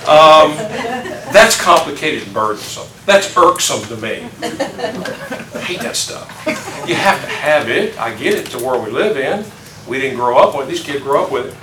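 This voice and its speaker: A man's voice: medium pitch, lively intonation, normal speed, distant mic, crowd noise. An older man teaching an informal Bible class, folksy and chuckling, putting questions to the class. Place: classroom or church meeting room. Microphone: distant room mic. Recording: echoey room recorded from afar with background noise.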